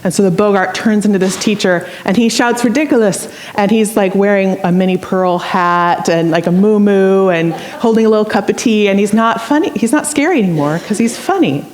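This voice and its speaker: A woman's voice: medium pitch, brisk, few pauses, a little mellow. A woman pastor giving a sermon in a church, conversational and storytelling, with asides to the congregation. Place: church sanctuary.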